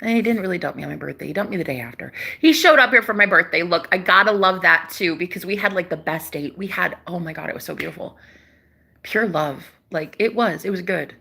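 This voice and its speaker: Young woman, bright and forceful, casual spiritual vlogger, preachy and emphatic, swears, calls viewers baby. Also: on the low side, lively intonation, fast, gravelly, breathy edge. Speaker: spiritual channel host. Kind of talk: casual spiritual talk to camera.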